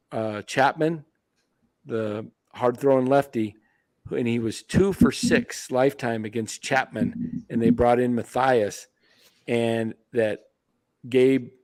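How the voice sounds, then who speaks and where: A man's voice: medium pitch, a little mellow. A man co-hosting a casual sports talk show, rambling and hesitant as he tells a story. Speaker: podcast co-host.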